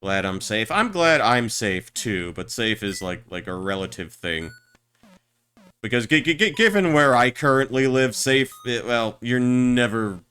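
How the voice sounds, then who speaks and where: A man's voice: on the low side, pushed and bright. A man streaming a game, chatting in a rambling, stammering way with crude jokes. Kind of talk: casual gameplay chat.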